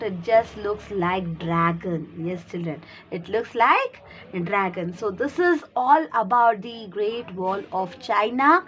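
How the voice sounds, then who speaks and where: A woman teacher who talks at a slow, patient pace in a fairly high voice. She asks questions and answers them herself, repeating and spelling words for young pupils. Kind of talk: recorded classroom lesson for young children.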